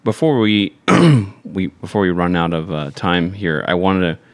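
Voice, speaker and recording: Deep-voiced male podcast host. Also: measured pace. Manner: relaxed, hesitant questions with fillers. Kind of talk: casual interview.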